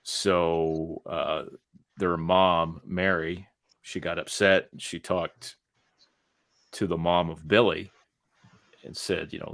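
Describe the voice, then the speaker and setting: A man with a very low voice telling a funny story off the cuff. He rambles and restarts as he goes. The sound is dry and close. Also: level tone, slow, vocal fry, pauses often, a bit bright, no echo. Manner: rambling, with restarts and fillers while recounting a show. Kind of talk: casual storytelling.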